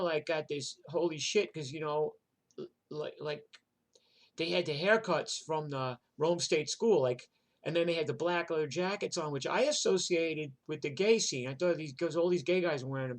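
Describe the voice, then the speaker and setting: Older New man, slightly high voice, rambling profane storyteller. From New York. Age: 60s. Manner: rambling and profane, full of "like" and "you know". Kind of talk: casual spoken memoir.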